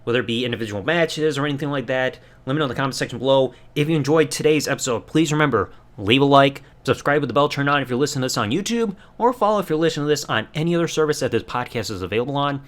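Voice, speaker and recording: A man hosting a solo podcast review, recapping events in an excited, animated way with lots of fillers. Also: mid-range voice, very fast, few pauses. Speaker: podcast host.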